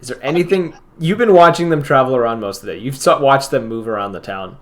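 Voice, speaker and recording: A man narrating a tabletop role-playing game as game master, describing the scene in halting, restarting sentences. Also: mid-range voice.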